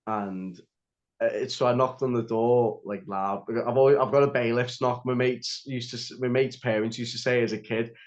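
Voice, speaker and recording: A young man with a mid-range voice and fairly even intonation talks at normal speed, rambling through a story as a podcast guest. He uses "like" heavily and restarts often, and the lo-fi audio is slightly dull.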